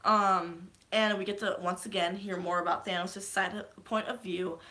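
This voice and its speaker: A woman's voice: medium pitch, steady tone, normal speed, sharp tone. A woman vlogger casually recapping a movie, rambling and gushing, with lots of fillers.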